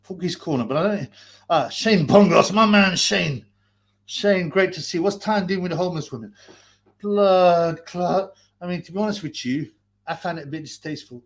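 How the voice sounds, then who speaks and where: A man's voice: high voice, normal speed. A man hosting a livestream, wearing a mask in a hot basement, ranting crudely and mocking people between laughs. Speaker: livestream host. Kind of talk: profane ranting livestream commentary.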